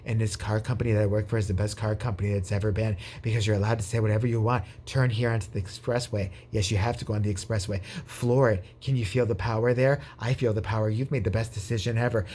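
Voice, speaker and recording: A man's voice: fairly low pitch, fairly even intonation, quick pace, hardly any pauses, a little mellow, a little hiss or hum, voice pushed down, natural voice. A man doing a smarmy car salesman. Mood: pushy. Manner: smooth, pushy sales patter.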